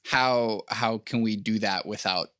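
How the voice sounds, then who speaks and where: Slow, hesitant male podcast host. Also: fairly low pitch, fairly bright tone, clean tone, dry recording, clean studio sound. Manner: hesitant questions with many fillers. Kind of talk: casual conversational interview.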